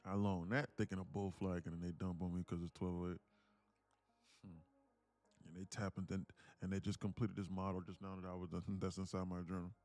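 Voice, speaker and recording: Man, deep voice, gravelly, live trading commentary, muttering then excited, faint music behind. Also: fairly quick. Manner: talks to himself, muttering then excited bursts, laughs often. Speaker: day trader streaming live. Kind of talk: casual live-stream commentary.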